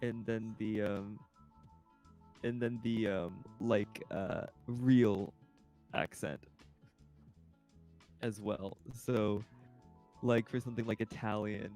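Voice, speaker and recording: A man's voice: on the low side, steady tone, slow, pauses often, a little mellow. A man chatting casually on a livestream and breaking into mock accents now and then. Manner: tries out mock accents between plain chat. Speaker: streamer. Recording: faint music behind.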